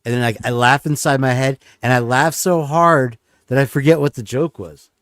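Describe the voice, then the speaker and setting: A man's voice: medium pitch, steady tone, moderate pace, a bit bright, no room sound, clean studio sound. Rambling, joking male stream host. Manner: rambling, joking, self-deprecating. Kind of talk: casual chat.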